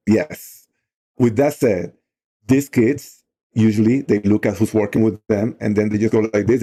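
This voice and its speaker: Man, middle-aged, low pitch, warm mellow tone, earnest storytelling, lots of fillers. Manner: earnest, heartfelt, frequent "you know" fillers. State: emotional while telling the story. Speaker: guest on a talk show, outdoor program leader. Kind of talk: conversational storytelling.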